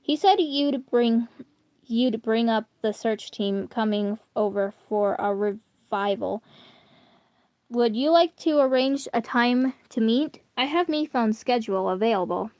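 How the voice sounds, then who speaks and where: A woman's voice: a little high, unhurried, a little mellow, no room sound. Woman voicing a slightly robotic tablet assistant. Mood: polite. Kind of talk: storybook reading.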